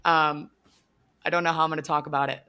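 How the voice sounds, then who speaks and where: Woman guest, lowish voice, chatty and upbeat, casual podcast talk. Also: little pitch movement, fast talker, bright, forceful tone, clear, resonant tone. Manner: chatty, upbeat, many fillers. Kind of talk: casual chat.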